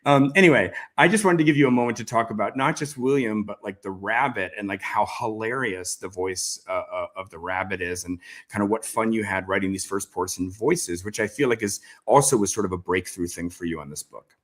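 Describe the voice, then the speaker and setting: A man's voice: fairly low pitch, brisk, few pauses, a bit bright. A man interviewing an author, speaking in a thoughtful, rambling way with many fillers. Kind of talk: casual conversational interview.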